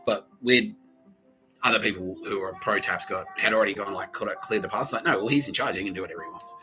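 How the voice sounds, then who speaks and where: A man hosting a podcast, telling a rambling story in a casual, profane, animated way. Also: lowish voice, fast, music in the background, low-quality recording. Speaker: podcast host.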